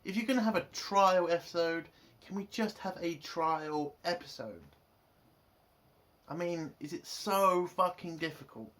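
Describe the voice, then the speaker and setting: Man, casual review rant, exasperated, swearing, slightly higher voice. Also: unhurried, a bit bright. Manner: frustrated, swearing, exasperated outbursts. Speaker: show reviewer.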